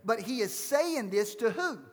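A man around forty preaching a sermon in a high, light voice. He presses the congregation with emphatic rhetorical questions. The sound rings with a long hall reverb. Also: animated, unhurried. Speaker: pastor.

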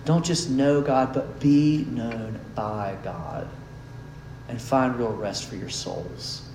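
A man preaching a sermon, earnest, swinging from emphatic peaks down to soft, quiet lines. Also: mid-range voice, slow pace. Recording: roomy hall sound with faint background noise.

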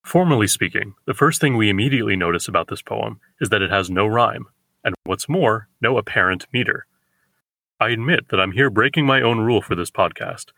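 A man lectures on poetry in a careful, explanatory way, slowing down when he reads verse aloud. His voice sits a little low but sounds bright and forward. The recording is close and dry, with no room around him. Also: lively intonation, gravelly, no echo. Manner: measured, explanatory, slows for quoted verse. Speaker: poetry podcast host.

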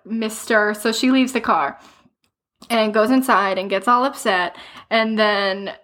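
A woman's voice: mid-range voice, measured pace, a bit bright. A woman in casual chat, recapping a book with a friend, laughing often and acting out the characters' lines. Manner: laughs often, acts out quotes.

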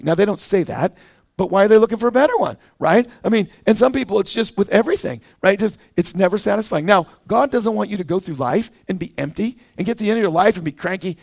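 A middle-aged man delivers a sermon from a church pulpit, his voice pitched high for a man. He talks in an animated, conversational way and slips into quick voices to act out the people in his stories. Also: vocal fry. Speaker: pastor.

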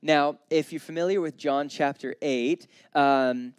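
A young man with a fairly high voice preaches in a relaxed, chatty way. He tells stories and briefly voices their characters. The sound is close and dry. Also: a little slow, smooth, no room sound. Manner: casual, storytelling, voices the people in his stories. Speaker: pastor. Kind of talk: conversational sermon.

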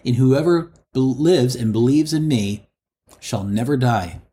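A man delivers a sermon at an everyday middle pitch. He speaks to his listeners as friends. He repeats key lines slowly and deliberately for emphasis. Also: warm tone. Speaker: preacher.

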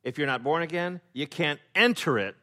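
A man preaching in a relaxed, off-the-cuff way, with lots of fillers and restarts. He jokes as he goes and slips into character voices for the people he quotes. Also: a little high, normal speed. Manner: humorous, acts out quoted voices; loose, with many fillers and restarts. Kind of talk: conversational Bible teaching.

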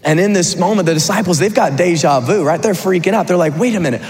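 A man preaching a sermon, retelling a story in an animated, conversational way with some humor. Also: high-pitched, fast, faint music behind. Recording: long hall reverb.

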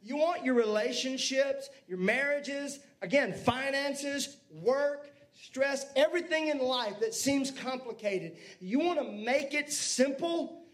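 A male pastor delivers a sermon in a strikingly high voice. He preaches with energy and turns to the congregation with asides. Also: animated, slow pace.

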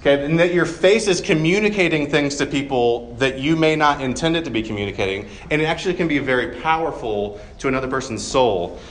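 A man's voice: medium pitch, fairly quick, hardly any pauses, slight background noise. Casual, joking male preacher. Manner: conversational, self-deprecating humor with frequent fillers. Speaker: pastor. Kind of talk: sermon.

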